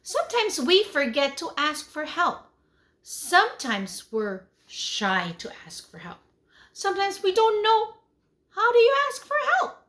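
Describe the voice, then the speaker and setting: With a measured pace, a woman who teaches preschool runs an online lesson for young kids. She sounds animated and sing-song, with swings in pitch and volume, and keeps asking the children questions.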